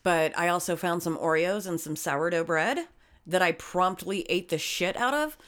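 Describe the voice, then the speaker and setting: A woman's voice: lowish voice, normal speed, fairly bright tone. A woman co-hosting a podcast, narrating a story and joking in casual chat, swearing freely. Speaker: podcast co-host.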